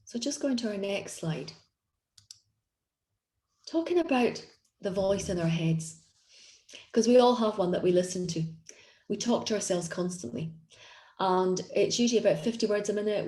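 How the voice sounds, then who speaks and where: A woman's voice: on the low side, dark tone, roomy sound. A woman coaching an online group session on confidence, talking in an encouraging, conversational way with frequent restarts. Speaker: executive coach.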